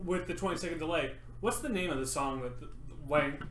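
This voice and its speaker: Joking man with a higher voice. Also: fairly quick, a bit bright, reverberant, recorded from a distance, a little hiss or hum. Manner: joking, laughs often. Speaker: player. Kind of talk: casual chat at a tabletop game.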